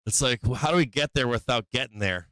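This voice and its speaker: A man hosts a live trading stream, talking straight to the chart with a teasing, coaxing manner and plenty of swearing. His voice is very crisp and clean, at a middling pitch. The sound is dry and close, with no room around it. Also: fast talker, fairly bright tone, no room sound. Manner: talks to the chart teasingly, swears, laughs often. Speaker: live trading show host. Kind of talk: casual live-stream commentary.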